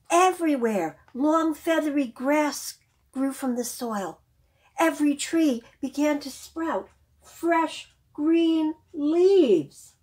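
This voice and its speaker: Woman librarian, storytime read-aloud, sing-song, highish voice, slow. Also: animated, a little mellow, rough recording. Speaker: children's librarian.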